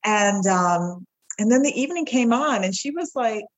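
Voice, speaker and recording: A woman's voice: medium pitch, animated, moderate pace, rough recording. A woman guest on a podcast, telling a heartfelt personal story and acting out the voices of the people in it. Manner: heartfelt, acts out the quoted voices.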